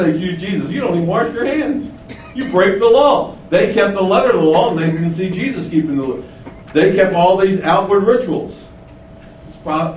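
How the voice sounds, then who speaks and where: A man preaching a sermon with emphasis, asking his listeners questions and repeating key lines. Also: a little mellow. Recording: echoey room, mic at a distance, faint rumble.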